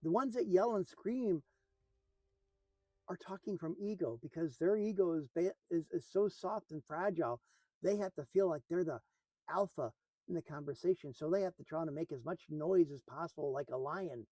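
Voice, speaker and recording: A man giving an earnest motivational talk, repeating phrases and often dropping to a soft, hushed voice for emphasis. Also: a little high, moderate pace, no echo, low-quality recording. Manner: earnest, repetitive, drops to a soft hush for emphasis. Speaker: motivational speaker.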